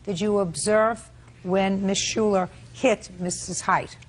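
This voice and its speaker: Brisk, blunt woman judge. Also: medium pitch, steady tone. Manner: blunt, brisk, cross-examining. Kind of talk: courtroom questioning. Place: courtroom set.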